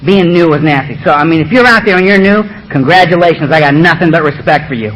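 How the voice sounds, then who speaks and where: A man's voice: fairly high pitch, fast, fairly bright tone, low-quality recording. A man speaking at a recovery meeting, blunt, emphatic and humorous, with a lot of swearing. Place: meeting room.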